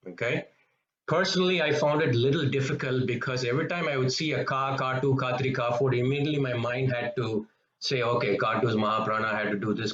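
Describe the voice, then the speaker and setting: A man teaching pronunciation in a patient lesson, slowly repeating each example sound. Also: mid-range voice, a bit bright. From Tamil-speaking background, South India. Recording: echoey, slightly dull room recording.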